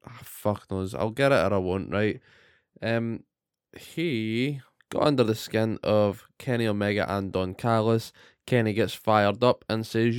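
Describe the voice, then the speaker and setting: A man's voice: fairly low pitch, a little slow, smooth, no echo, clean studio sound. A man co-hosting a casual wrestling recap podcast, swearing often and ranting animatedly. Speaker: podcast co-host.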